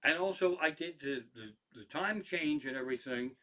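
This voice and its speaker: Bright-voiced man telling rambling stories. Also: on the high side, expressive, moderate pace. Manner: rambling, profane, frequent restarts. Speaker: stand-up comedian hosting a tribute stream. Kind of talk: casual storytelling to a live stream.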